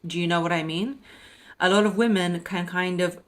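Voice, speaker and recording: A young adult woman with a somewhat low-pitched voice talks straight to her listeners like a coach. Her advice comes out blunt and emphatic, yet she keeps a close, confiding way of speaking. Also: steady tone, normal speed. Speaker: podcast host and dating coach. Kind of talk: direct advice monologue.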